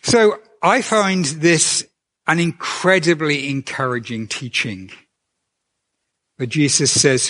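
A man giving a conversational sermon as a preacher, earnest and gentle, asking his listeners questions. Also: fairly high pitch, slow pace.

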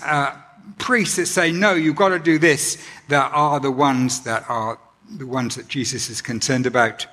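A man preaching a sermon in an earnest, gentle way, often pausing with ums and restarting his sentences. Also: fairly high pitch. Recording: long hall reverb.

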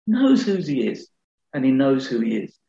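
A man's voice: mid-range voice, sing-song, moderate pace, vocal fry, warm tone. A middle-aged man preaching a sermon in an earnest, conversational way, often restarting his phrases. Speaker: pastor. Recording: echoey hall, slightly dull sound.

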